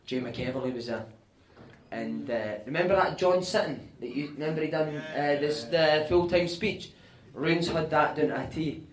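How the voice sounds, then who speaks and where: A Scottish man telling animated, sweary anecdotes on stage at a live podcast show, often laughing as he talks. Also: on the high side, moderate pace. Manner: animated, sweary, laughing through his stories. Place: live venue with audience. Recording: echoey room, mic at a distance.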